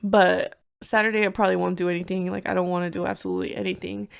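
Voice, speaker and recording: A woman's voice: lowish voice, little pitch movement, fast, vocal fry, clear, resonant tone. Chatty woman podcaster, Spanish mixed in. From United States. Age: 30s. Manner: chatty, lots of "like", drops into Spanish. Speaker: podcast host. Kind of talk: casual solo podcast storytelling.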